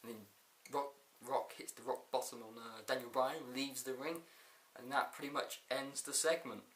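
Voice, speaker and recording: A man's voice: mid-range voice, steady tone, moderate pace, a bit bright, echoey room, a little hiss or hum. A man casually reviewing a wrestling show, laughing often and rambling through a recap with quoted lines.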